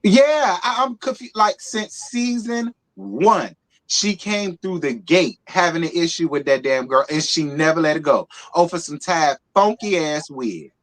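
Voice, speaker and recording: A co-host on a casual gossip livestream with a mid-pitched voice. The delivery is blunt and sassy, with plenty of shade thrown at the cast. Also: animated, a little slow, fairly bright tone. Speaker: co-host of a live reality TV review show.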